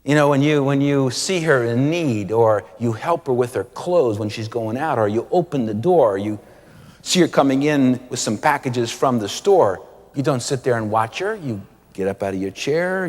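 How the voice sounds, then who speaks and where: A man preaching a sermon with animated delivery, acting out quoted voices and drawing out key words. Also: medium pitch, moderate pace, long reverb tail.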